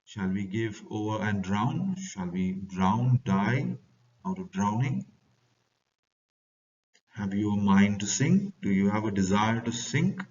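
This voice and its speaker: A man's voice: fairly low pitch, animated, takes it slowly, darkish tone. An Indian man reading the part of a commanding male ship's boatswain who barks orders during a storm. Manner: barked orders. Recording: distant dull lo-fi recording.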